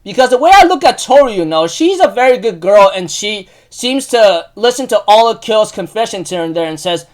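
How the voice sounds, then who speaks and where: Male anime recapper, high voice, casual and rambling, prone to emotional outbursts. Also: brisk, few pauses. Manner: rambling, emotional, many fillers and restarts; bursts into loud excited outbursts.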